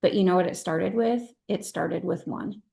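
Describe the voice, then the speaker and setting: A woman's voice: on the low side, normal speed, vocal fry, dark tone. A middle-aged woman leading her sales team on a video call, speaking in an earnest, emphatic and heartfelt way. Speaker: direct-sales team leader.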